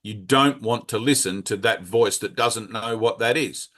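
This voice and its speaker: A man's voice: lowish voice, unhurried, fairly bright tone. A man giving an informal spiritual talk to a small group as their teacher, frank and conversational, with mild swearing and a habit of checking in with "right?".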